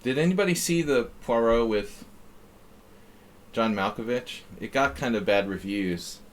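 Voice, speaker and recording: A man's voice: medium pitch, expressive, a little slow, a little hiss or hum. A man streaming chess, chatting casually and reading his moves aloud as he thinks. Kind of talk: casual live-stream chat while playing.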